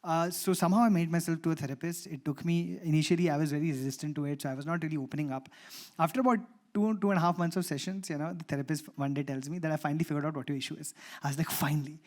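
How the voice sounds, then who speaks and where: An Indian English man speaks on a conference panel in a slightly high voice. He tells a personal story in an animated way and acts out the dialogue within it. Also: racing.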